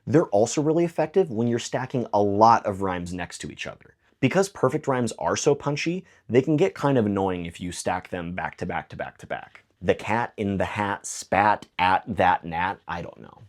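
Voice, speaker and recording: A man explaining songwriting in a clear video lesson, with dry joking asides. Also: on the low side, very animated, a little fast, few pauses, a little mellow. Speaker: songwriting teacher.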